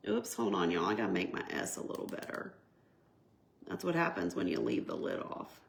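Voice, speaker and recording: A woman's voice: a bass voice, wildly swooping pitch, normal speed, gravelly. A woman chatting on a live stream, emotional and effusive, thanking viewers and reading their comments. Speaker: home goods brand owner hosting a live stream. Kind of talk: casual live stream chat while signing.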